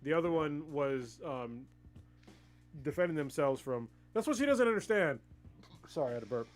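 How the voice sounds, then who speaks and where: High-voiced, excitable, foul-mouthed man. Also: normal speed, soft background music. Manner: excitable, profane, laughs often. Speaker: livestream co-host. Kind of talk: casual chat about anime.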